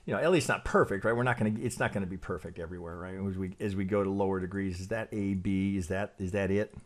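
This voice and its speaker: A man's voice: low-pitched, fast. A man teaching trading who thinks aloud while charting, hesitant and self-questioning, often repeating words and tagging lines with "right?". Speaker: trading educator.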